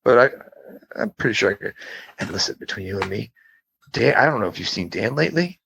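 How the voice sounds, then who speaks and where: A man's voice: fairly low pitch, fast, slight background noise. A man co-hosting a podcast, telling a long story in casual chat and acting out the voices of the people in it. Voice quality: gravelly, husky. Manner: animated storyteller, acts out quoted voices, swears. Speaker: podcast co-host.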